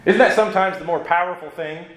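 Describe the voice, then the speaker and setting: A man's voice: high voice, quick pace, reverberant, low-quality recording. A man preaching a sermon in a conversational way, often checking in with his listeners through rhetorical asides. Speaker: pastor.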